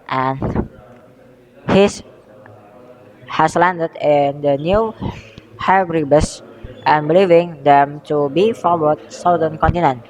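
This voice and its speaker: A young man from Indonesia with an Indonesian accent, giving a school history presentation, halting and often correcting himself as he reads from notes. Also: a little high, darkish tone, big-room sound, poor audio. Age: young adult. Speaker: student presenter.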